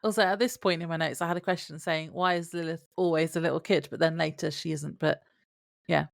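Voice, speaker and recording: Giggly woman with a gravelly low voice. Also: steady tone, a little fast, no room sound, clean studio sound. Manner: giggly, reads from her notes. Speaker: podcast co-host. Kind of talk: casual recap chat.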